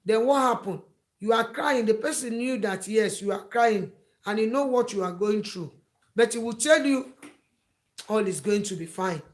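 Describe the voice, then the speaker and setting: An advice vlogger with a fairly high voice talks to camera at normal speed, giving emphatic, repetitive and preachy advice. She acts out the words of her friends as she goes.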